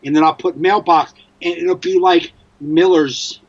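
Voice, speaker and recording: A man with a New Jersey accent, co-hosting a podcast, ranting in an animated, sweary way. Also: a little high, measured pace, muffled recording. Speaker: podcast co-host. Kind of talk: casual chat.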